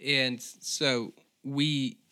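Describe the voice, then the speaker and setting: A male podcast host with a middle-pitched voice, delivering a solo comedic rant. He tells his stories in a loose, rambling way full of profanity. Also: steady tone, extremely slow, sharp tone, clean tone.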